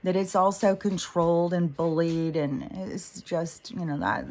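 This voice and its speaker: A middle-aged woman with a slightly low voice talks in a loose, meandering monologue about spiritual matters. She speaks casually and emotionally, fills pauses with lots of ums and likes, and swears freely. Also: fairly even intonation, mellow. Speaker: spiritual podcast host.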